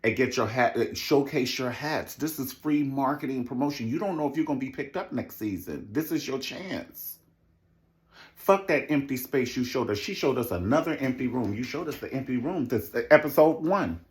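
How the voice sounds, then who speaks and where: Man, sassy recap rant, very animated pitch, mid-range voice. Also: moderate pace. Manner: animated, sassy, swings into mocking high impressions. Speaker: reality TV commentator.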